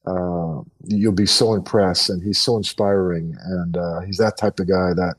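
A middle-aged man with a very low voice reflects earnestly on his playing days. He pauses often on "uh" and "you know" as he gathers his thoughts. He sits some distance back from the microphone. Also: steady tone. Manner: earnest, reflective, many fillers and restarts. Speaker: guest, retired pro hockey player. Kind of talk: casual podcast interview.

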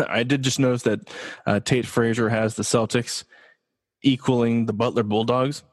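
A man hosts his own sports talk show in a loose, joking way, firing off rhetorical questions and answering them himself. His voice sits at an ordinary middle pitch. The sound carries a long reverb tail, as if he is recorded in a big hard room. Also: steady tone, moderate pace. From Los Angeles, USA. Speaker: podcast host.

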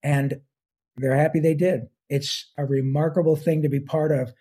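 A man's voice: on the high side, steady tone, normal speed, dark tone, husky. A man in his sixties, a voice actor talking as an interview guest, enthusiastic and rambling, with plenty of fillers. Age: 60s. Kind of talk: casual interview talk.

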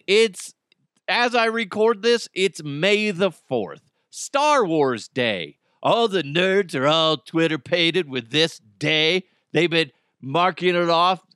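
A man's voice: on the high side, pushed and bright, clean tone, dry recording, studio quality. A man hosting a casual solo podcast, joking and rambling, swearing freely and slipping into mocking voices. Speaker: podcast host.

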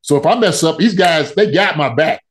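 A man's voice: on the high side, lively intonation, normal speed. A man chatting casually on a sports podcast, loose and joking, repeating phrases for emphasis.

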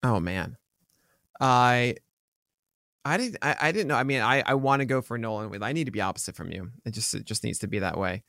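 Guy cohosting a podcast, rambly casual chat, mid pitch, dead dry sound. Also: lively intonation, vocal fry, fairly bright tone, no echo. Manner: rambling, self-correcting, quick to joke. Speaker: podcast co-host.

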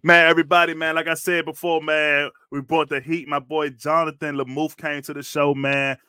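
A man from Washington, D.C., hosts a casual chat over a video call. His voice is bright and smooth, the sound dry and close, and he talks in a loose, slangy way. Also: fairly high pitch, level tone, normal speed, no room sound. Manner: laid-back slangy, says man a lot. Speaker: podcast host. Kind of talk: casual interview.

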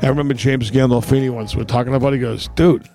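Gravelly profane man telling stories. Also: mid-range voice, rapid-fire. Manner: profane, animated storytelling. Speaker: podcast co-host. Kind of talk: casual chat.

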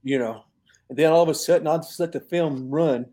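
Older male coach guest, mellow and a touch high, laid-back storyteller. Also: a little fast. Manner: relaxed anecdotal storyteller who laughs at his own tales. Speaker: guest, longtime football receivers coach. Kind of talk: storytelling in an interview.

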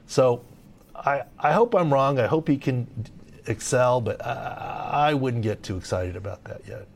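Middle-aged guy breaking down injuries, emphatic, keeps going "look" and "right?", average pitch. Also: animated, unhurried, vocal fry, slight background noise. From Southern California. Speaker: sports medicine analyst. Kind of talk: podcast injury analysis.

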